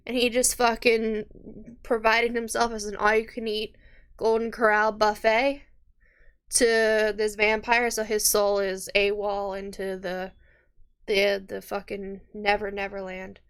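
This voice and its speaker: A woman's voice: mid-range voice, a bit bright, smooth. A woman player in a tabletop game session who explains rules at length, swears freely and turns sarcastic. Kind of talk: casual game table chat.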